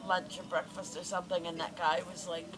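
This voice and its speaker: A woman's voice: fairly low pitch, flat delivery, brisk, noisy background. An older woman at a family gathering, chiming in and reminiscing about prices and old times. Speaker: relative. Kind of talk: casual family chat.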